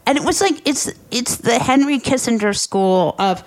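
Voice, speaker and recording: A woman hosting a podcast in casual chat, animated, wry and profane. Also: a little high, moderate pace. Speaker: podcast host.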